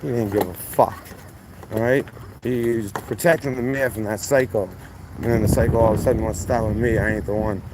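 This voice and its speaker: A heated vlogger from Massachusetts, USA, rants outdoors in a noisy street recording, his lowish voice steady in tone and a little fast. The angry story rambles and turns profane, and his voice rises as he gets worked up.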